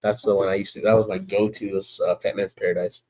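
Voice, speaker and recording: A relaxed man chats on his live stream, greeting viewers by name and laughing easily. His voice sits a little low and sounds warm and mellow. The stream audio is muffled and lo-fi. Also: quick pace. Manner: laid-back, chatty, greets viewers by name, laughs often. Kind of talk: casual live stream chat.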